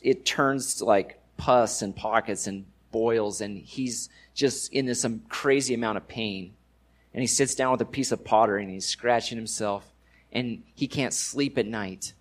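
Casual, animated male preacher. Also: medium pitch. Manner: casual conversational preaching with slang. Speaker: pastor. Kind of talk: sermon.

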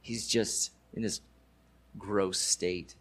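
A man's voice: low voice, steady tone, very slow, a bit bright. A man preaching a sermon in a casual, conversational way, using everyday slang and rising with emphasis on key points. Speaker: pastor.

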